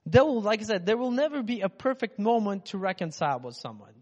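Expressive and fast, a man from Russia speaks in a high voice while preaching a casual sermon. He chats and rambles, voicing inner thoughts aloud, and the dull recording carries long hall reverb.

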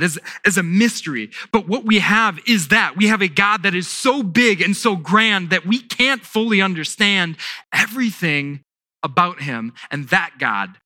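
Bright-voiced pastor preaching slowly. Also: male voice, sits high, dry recording, clean studio sound. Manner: emphatic, repeats key words, slow deliberate pauses. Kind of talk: sermon.

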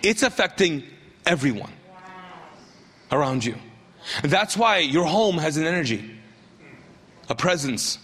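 A middle-aged male pastor preaching a sermon, telling a story with lively asides and acted quotes. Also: a little high, measured pace, pauses often, in a large hall.

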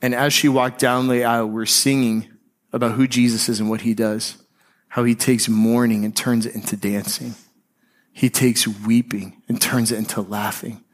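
A man preaching a sermon as pastor, speaking conversationally and slowing and softening on key phrases. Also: medium pitch, flat delivery.

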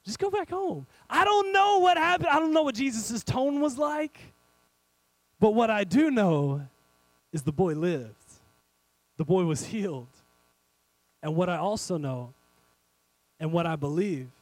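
A man preaching a sermon, animated and speaking straight to his congregation, swinging between loud and hushed. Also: fairly high pitch, slow pace, pauses often, no echo, poor audio. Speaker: pastor.

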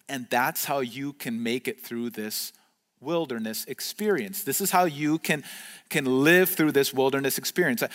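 Male pastor, earnest conversational sermon, slightly high voice, long hall reverb. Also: a bit bright. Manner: earnest, conversational preaching with frequent fillers and restarts. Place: church video recorded during the pandemic.

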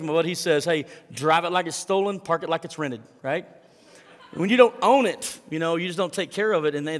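A man's voice: fairly high pitch, in a large hall. A man preaching a sermon as pastor, earnest and conversational, with fillers and repeated words as he reads scripture and prays. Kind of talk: sermon with scripture reading and prayer.

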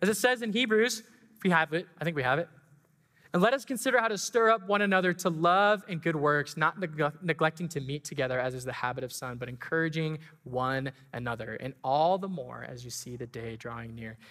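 Bright-voiced pastor in a reverberant church. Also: male voice, a little high, brisk. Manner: storytelling, emotional, building to excited emphasis. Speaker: pastor and school track coach. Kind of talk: sermon. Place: church sanctuary. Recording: long hall reverb.

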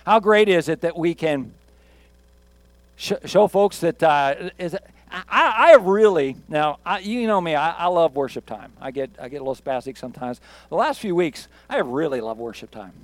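A male pastor delivers his sermon in an easygoing, joking way, doubling back on words for emphasis. His voice sits notably high. The sound is dry and close, with little room around it. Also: expressive, moderate pace, dry recording. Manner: conversational, jokey, emphatic with repeats.

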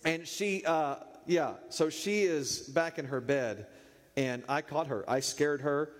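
Preacher guy telling a funny story, kinda high voice, big hall echo. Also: takes it slowly. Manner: animated, playful storyteller. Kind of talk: humorous sermon storytelling. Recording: echoey hall reverb.

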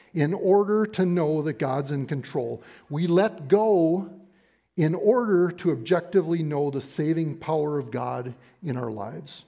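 A middle-aged man preaching a sermon, emphatic and deliberate, slowing down to stress key phrases. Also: a little high, dark tone, slightly rough.

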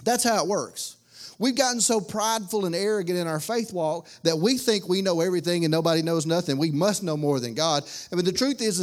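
High-voiced preacher man. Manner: folksy, conversational preaching with repeated phrases. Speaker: pastor. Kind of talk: sermon.

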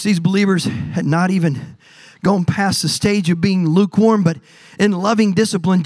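A man's voice: sits high, no echo. A pastor preaching a sermon to his church, building to emphatic surges and repeating words as he presses his points. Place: church sanctuary.

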